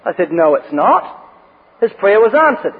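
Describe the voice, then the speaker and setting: A man's voice: high voice, big pitch swings, moderate pace, vocal fry, slightly rough. A man preaching a sermon, reading scripture and telling joking anecdotes. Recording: phone-like radio broadcast with long reverb.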